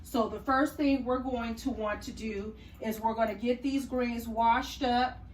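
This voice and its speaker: A woman's voice: fairly high pitch, steady tone, measured pace, reverberant. A woman hosting a cooking tutorial in a chatty, folksy way. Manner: chatty, folksy, says y'all and honey. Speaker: cooking channel host. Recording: distant mic, faint room noise.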